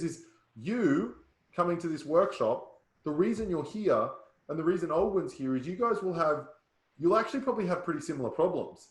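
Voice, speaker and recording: Brief: male sales trainer, punchy, slightly raised voice, roomy sound. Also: fairly high pitch. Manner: punchy, keeps checking in with listeners. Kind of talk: workshop coaching. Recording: roomy echo.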